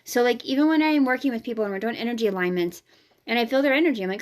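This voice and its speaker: A woman's voice: high voice, lively intonation, fast talker. A woman energy healer hosting her own vlog, talking casually, frankly and emphatically, sometimes swearing. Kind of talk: casual spiritual vlog talk.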